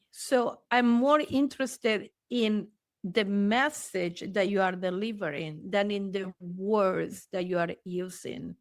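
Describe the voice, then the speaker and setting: A woman therapist talking frankly in an interview, swearing freely and choosing her words deliberately. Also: fairly high pitch, dry recording, clean studio sound. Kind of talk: casual interview talk.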